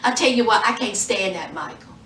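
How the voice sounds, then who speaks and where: Animated, sassy woman retelling a show. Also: mid-range voice, brisk, far from the mic, slight background noise. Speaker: TV show reviewer. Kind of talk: casual commentary vlog. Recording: echoey room, off from the mic.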